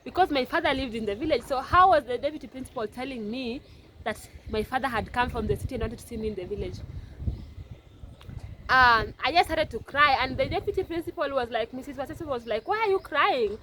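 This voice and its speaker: A woman's voice: sits high, brisk, pushed and bright. A young Kenyan woman telling an emotional personal story, often repeating her words. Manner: emotional, repetitive, circling back. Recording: noisy background with passing vehicles.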